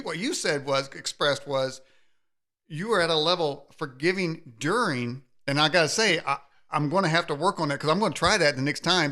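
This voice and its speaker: A male show host with a fairly high, bright voice. He talks in a rambling, preacher-like way, often restarting his sentences. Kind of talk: conversational interview.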